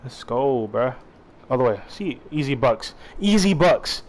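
A young man calling out plays to his teammates while gaming, excitable and profane, barking quick instructions. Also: medium pitch, rough recording. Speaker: gamer playing online. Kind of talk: live gameplay commentary.

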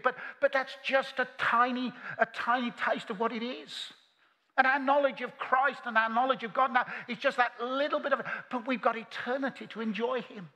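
An older man preaching a sermon at a convention, earnest and moving between loud climaxes and hushed quiet. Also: very high voice, big-room sound. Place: large convention hall.

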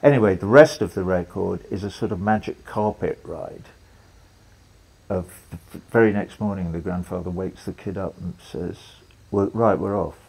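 A man's voice: deep voice, normal speed, gravelly, darkish tone, breathy edge, poor audio. An older man, telling a long story as an interview guest, rambling with restarts and quoted lines. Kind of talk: relaxed storytelling conversation.

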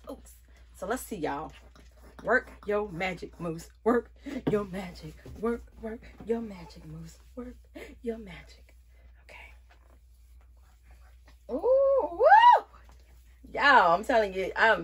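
A young woman chatting playfully to her viewers as she reviews a wig, exuberant and quick to laugh. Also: medium pitch, a bit bright, husky. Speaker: beauty vlogger reviewing a wig. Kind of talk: casual chatty vlog.

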